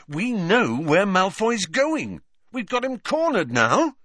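A man reading aloud, voicing an eager, impulsive teenage boy wizard who talks excitedly. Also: fairly high pitch, husky, no room sound, pitched above the performer's own voice, exaggerated voice. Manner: excited, quick to leap at ideas.

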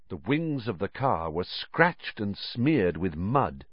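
A man reading a story aloud as narrator, with expressive storytelling. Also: sits low, slow, husky, no room sound, dull audio. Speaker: audiobook narrator. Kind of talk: scripted narration.

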